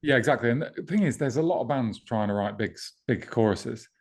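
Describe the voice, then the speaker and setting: A man co-hosting a podcast in relaxed casual chat, with lots of ums and casual swearing. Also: medium pitch, a little fast. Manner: laid-back, swears casually, many ums. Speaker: podcast co-host, festival promoter.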